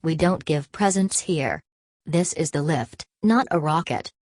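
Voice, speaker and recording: A woman's voice: sits low, expressive, a little slow, darkish tone, no echo, studio quality. Woman voicing a cheerful male liftman. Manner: breezy and cheerful. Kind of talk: storybook reading.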